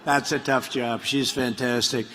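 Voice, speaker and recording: A man's voice: medium pitch, fairly even intonation, unhurried, sharp tone. A man speaking at a political rally, rambling and mocking, repeating his lines and drifting into asides. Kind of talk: rally speech. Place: large rally venue. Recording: reverberant hall audio.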